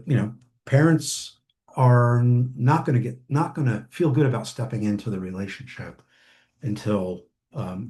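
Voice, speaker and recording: A man giving a relaxed, conversational training lecture on family therapy, with many ums and restarts and brief acted-out parent quotes. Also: medium pitch.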